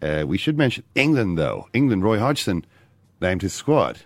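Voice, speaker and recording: A man with an Irish accent co-hosting a casual sports podcast, lively and often quoting others. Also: low-pitched, normal speed, dry recording. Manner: animated, quotes others in put-on voices. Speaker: podcast co-host.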